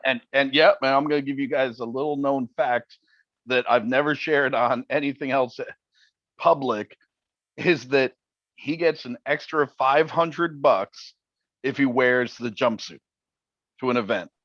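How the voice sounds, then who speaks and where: A man guesting on a podcast interview, telling stories in an animated, jokey way. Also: mid-range voice, measured pace, dry recording, highs cut off. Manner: animated, jokey storyteller who acts out quotes. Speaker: interview guest, paranormal TV personality. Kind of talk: casual interview storytelling.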